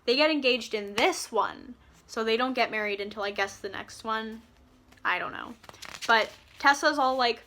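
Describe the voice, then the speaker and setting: A woman rants through a book review in a sarcastic, exasperated tone. Her voice is bright and sits fairly high. She swears casually and keeps up a fast, chatty flow.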